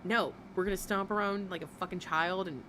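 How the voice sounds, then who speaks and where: A woman's voice: mid-range voice, fairly even intonation, fairly quick, background noise. A woman hosting a livestream, giving blunt, profane, exasperated commentary as she reacts to a video.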